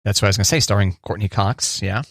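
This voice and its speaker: A man co-hosting a radio show, teasing his partner and answering with quick short replies. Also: on the low side, fairly even intonation, gravelly, a bit bright, no room sound, studio quality. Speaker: radio co-host. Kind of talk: morning radio show chat.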